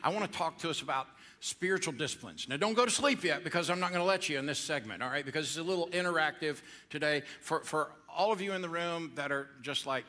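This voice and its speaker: A man's voice: on the high side, quick pace, hardly any pauses, bright, forceful tone. A middle-aged man preaching a playful, interactive sermon to a church congregation and coaxing them to answer back. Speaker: pastor.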